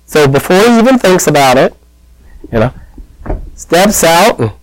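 A man's voice: a little high, animated, unhurried, pauses often, no echo, rough recording. A man preaching a conversational sermon, telling the story in a chatty, plain-spoken way.

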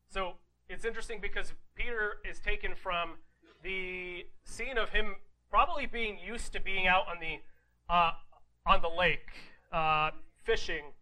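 A man's voice: high-pitched, a little slow, sharp tone, rough recording. A man preaching a conversational sermon. He reads scripture aloud, then explains it in a casual way, with rhetorical questions and "right?" asides.

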